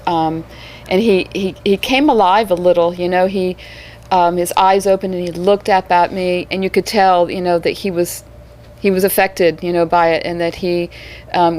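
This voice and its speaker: A woman's voice: on the low side, a little mellow. A woman who performs as a living statue, telling stories in a casual interview, with many fillers and restarts.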